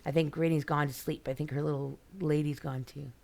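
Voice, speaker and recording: Gravelly-voiced woman chatting on a game stream. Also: sits low, fairly even intonation, brisk, darkish tone, slight background noise. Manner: chatty, rambling, greets viewers by name. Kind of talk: casual live-stream chat while playing.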